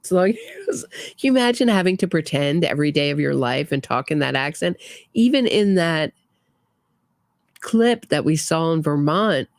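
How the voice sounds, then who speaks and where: Gravelly woman giving opinionated commentary. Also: low voice, lively intonation, normal speed, no echo, studio quality. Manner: opinionated, sarcastic, trailing restarts. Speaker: true crime commentator. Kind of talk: casual commentary.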